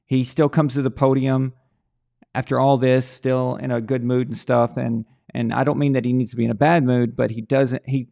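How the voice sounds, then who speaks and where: A man's voice: mid-range voice, flat delivery, normal speed, creaky, warm tone. A man hosting a live sports talk stream, thinking aloud in a rambling way with many restarts and repeated words. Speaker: live show host. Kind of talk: casual sports talk livestream.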